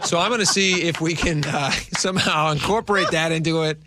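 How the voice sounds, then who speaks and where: A man's voice: fairly high pitch, fairly quick, noisy background. A man co-hosting a radio talk show, chatting and joking casually with his co-host. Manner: chatty, joking, easily amused.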